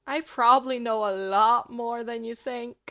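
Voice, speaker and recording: A woman reading the lines of a calm, friendly teenage girl who is president of a school club, in a soft, smooth way. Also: fairly high pitch, measured pace, highs cut off. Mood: calm, knowing. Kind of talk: reading game dialogue aloud.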